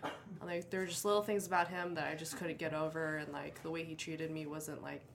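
A woman's voice: deep voice, level tone, a little fast, gravelly. Hesitant woman guest, faint room noise. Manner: hesitant, full of fillers. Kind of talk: casual chat.

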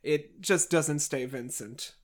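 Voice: mid-range voice, slow pace. Podcast host, casual book recap, wry and sarcastic, mid-range voice. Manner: wry, with sarcastic asides to the characters.

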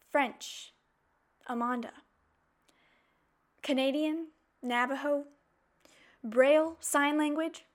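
A woman hosting a podcast, telling personal stories in a casual, animated way, with playful asides and mock outrage. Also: fairly high pitch. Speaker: podcast host. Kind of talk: casual chatty monologue.

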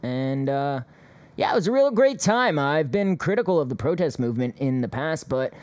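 A man's voice: fairly high pitch, very animated, normal speed, darkish tone, no room sound. A man hosting a casual call-in show, talking in a sarcastic, rambling way with chuckling asides. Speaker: host.

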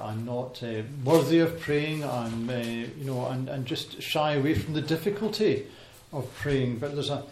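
A man gives an informal talk about faith to a gathered congregation. He speaks hesitantly, filling pauses with ums and restarting phrases. The sound is roomy and echoey, with a faint background hiss. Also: mid-range voice, a little mellow. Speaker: speaker giving a Bible talk. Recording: echoey hall with faint noise.

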